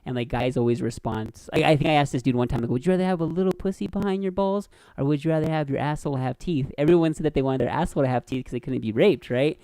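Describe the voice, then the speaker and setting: A man's voice: fairly high pitch, fast talker, few pauses, dry recording. A man hosting a podcast, telling crude stories in casual chat, swearing and laughing often. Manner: animated storyteller, laughs a lot, swears. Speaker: podcast host.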